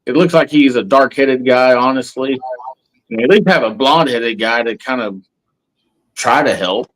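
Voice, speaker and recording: A man's voice: mid-range voice, normal speed, a bit bright, rough recording. Easygoing man, rambling. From Texas. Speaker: podcast guest. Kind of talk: casual round-table chat.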